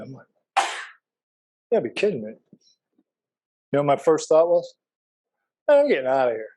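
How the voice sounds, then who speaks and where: A man's voice: on the high side, a little mellow, rough recording. A middle-aged man teaching a Bible class in a casual, folksy way, telling personal stories and asking the class questions.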